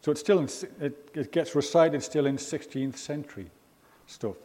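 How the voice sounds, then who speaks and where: Chatty English preacher in an echoey church. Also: male voice, a little high, moderate pace, few pauses, dark tone. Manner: chatty, rambling, with frequent ums and asides. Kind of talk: informal sermon. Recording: reverberant church hall.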